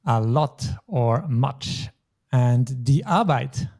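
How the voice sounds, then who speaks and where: A man's voice: medium pitch, animated, drawn-out words, gravelly, a little mellow. A man teaching a German lesson, explaining grammar patiently step by step. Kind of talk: language lesson.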